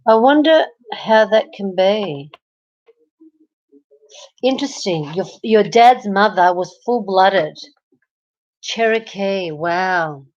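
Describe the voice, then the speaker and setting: A woman's voice: mid-range voice, lively intonation, slow, pauses often, a little mellow, lo-fi sound. An Australian woman chatting on a live stream from her bed at night, greeting viewers and reading their comments aloud. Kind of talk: casual live-stream chat.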